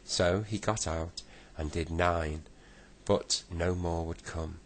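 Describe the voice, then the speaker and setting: A man reading a bedtime story aloud, slow and deliberate. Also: low-pitched, fairly even intonation, slight background noise.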